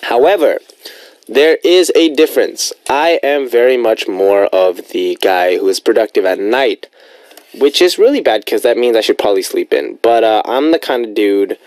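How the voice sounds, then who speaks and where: A man's voice: mid-range voice, expressive, normal speed, a little mellow, dry recording. A young man hosting a radio show in a studio, chatting casually and rambling playfully between listener messages. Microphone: studio microphone.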